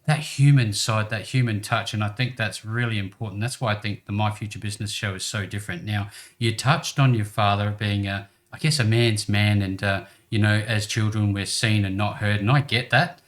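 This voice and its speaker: A man's voice: fairly low pitch, steady tone, normal speed, hardly any pauses. A man hosting a business interview show, encouraging his guest and laughing along with him. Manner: warm, encouraging, laughs often. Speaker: host.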